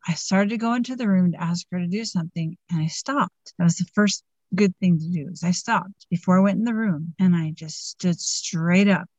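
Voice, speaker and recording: A woman in her fifties recounts a personal experience to a group, earnest and animated. Her voice sits low. The sound is dry and dull, like a lo-fi call. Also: normal speed, no echo. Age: 50s. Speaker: group member sharing a story. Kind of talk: casual personal testimony.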